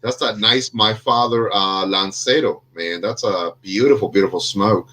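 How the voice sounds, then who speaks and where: On the low side and pushed bright, this man talks at a normal speed as host of a casual podcast over a video call. Slightly under the weather, he's jokey and self-deprecating, rambling along with many fillers.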